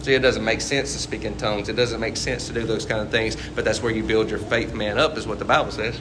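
A man's voice: on the low side, flat delivery, quick pace, noisy background. A man preaching a casual, conversational sermon and asking his listeners questions as he goes. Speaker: pastor.

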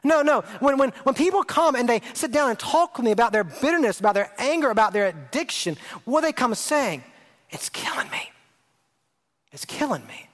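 A middle-aged man preaching a sermon as a pastor, earnest and emphatic, repeating phrases and dropping his voice low for effect. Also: lively intonation, brisk, few pauses, a bit bright.

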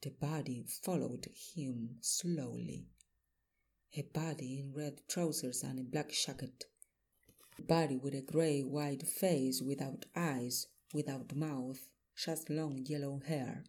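A man narrating a first-person detective story in a measured, plain audiobook reading. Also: mid-range voice, fairly even intonation, a little mellow, breathy edge.

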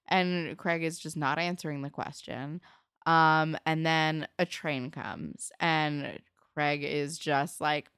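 A young woman with a low voice chats through a TV episode recap. She slips into quick put-on voices for the characters' lines. The sound is close and dry. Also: clear, resonant tone, no room sound. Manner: animated retelling, acting out characters' lines in quoted voices. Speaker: podcast co-host. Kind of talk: casual chat recapping a TV episode.

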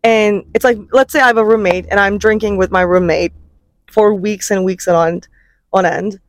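A woman's voice: medium pitch, steady tone, normal speed, no echo. A woman co-hosting a podcast in casual chat, playful and teasing, laughing often. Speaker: podcast co-host.

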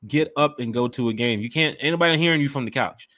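A man's voice: medium pitch, fast talker, fairly bright tone, no echo, studio quality. A man hosting a casual fan podcast, hyped and slangy, talking straight to his listeners. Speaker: podcast host. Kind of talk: casual chat.

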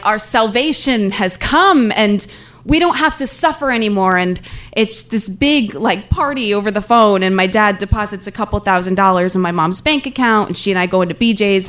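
Young adult woman storyteller, mid-range voice, earnest and candid, casual phrasing. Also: mid-range voice. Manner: earnest, candid, conversational with frequent "like". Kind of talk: personal storytelling.

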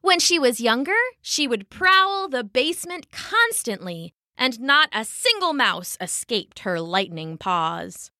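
Brief: bright, expressive female narrator for a children's bedtime story, unhurried delivery. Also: a little high, no room sound, studio quality.

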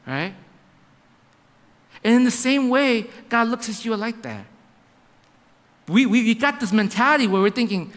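Animated pastor preaching in a reverberant hall. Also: male voice, extremely high pitch, moderate pace, long pauses. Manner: storytelling with quoted dialogue, many restarts, animated. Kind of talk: sermon. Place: church sanctuary.

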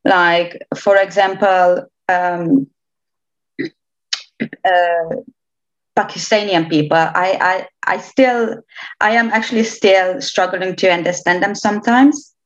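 A woman's voice: fairly low pitch, steady tone, slow pace. Young romanian woman, chatty and hesitant, kinda muffled audio. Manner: chatty, hesitant restarts, laughs often. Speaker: interviewee. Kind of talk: casual interview chat. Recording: slightly dull lo-fi sound.

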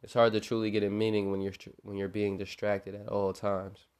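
A man's voice: fairly low pitch, little pitch movement, a little fast, a little mellow, clear, resonant tone. A young man hosting a podcast, talking earnestly and informally about faith and forgiveness, often repeating his words as he goes. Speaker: podcast host. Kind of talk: informal religious encouragement.

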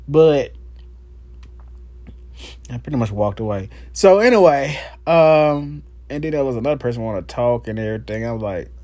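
A man talks through a story on his own podcast, slow and unhurried, dropping curses and laughing as he goes. His voice sits at an ordinary middle pitch. The recording is dry and close, with no room sound. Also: animated, mellow, no echo. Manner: profane, rambling storytelling with frequent laughs; slow, drawn-out delivery. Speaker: podcast host. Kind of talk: casual solo podcast monologue.

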